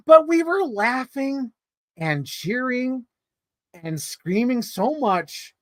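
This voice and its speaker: A man casually reviewing movies in a vlog, telling stories in an excitable, rambling way full of swearing and filler words. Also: very high voice, slow pace, no echo.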